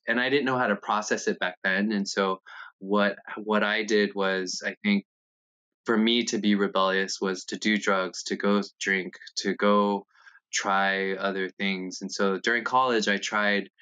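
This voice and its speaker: A man in his thirties tells his life story in an interview, candid and a little halting, his voice sitting fairly low yet bright and forceful. He grows animated whenever he acts out a remembered scene. The sound is dull and lo-fi. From United States.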